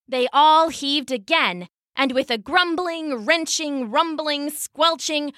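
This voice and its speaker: A woman's voice: high-pitched, slow, sharp tone, no echo, studio quality. A woman telling a folktale for children in a playful, scripted storybook narration.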